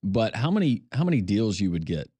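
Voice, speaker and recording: A man's voice: on the low side, very animated, fairly quick, warm tone, slightly rough. A man jokes around on sports radio. His voice sounds dry and close, with no room echo. He trades banter and keeps asking his co-hosts questions. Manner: joking banter, asks questions. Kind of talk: casual sports talk radio.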